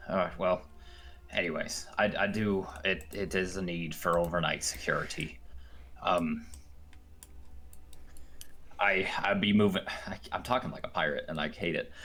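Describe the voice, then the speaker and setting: A man voicing an old, half-blind dwarf baker who talks like a pirate, halting and gruff. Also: low voice, steady tone, bright, forceful tone, faint music behind, heavily acted. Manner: pirate-style drawl, halting.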